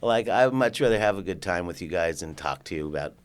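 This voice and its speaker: An older Californian man, guesting on a podcast, tells a story casually and with animation, voicing the people in it and swearing here and there. His voice sits low, moves fast, and sounds clear and resonant.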